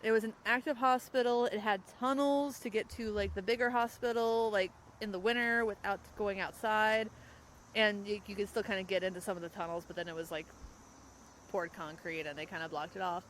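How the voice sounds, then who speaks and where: A young woman hosting a podcast in casual chat, rambling and quick to laugh. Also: medium pitch, fairly even intonation, fairly bright tone, slight background noise, poor audio. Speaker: podcast host. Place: outdoors, in a parked car.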